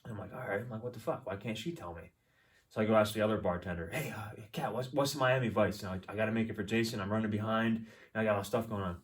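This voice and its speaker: A man co-hosting a podcast, telling animated stories in casual chat, swearing and acting out the people in them. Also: lowish voice, fast, recorded from a distance. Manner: animated storyteller, swearing, acts out voices. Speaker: podcast co-host.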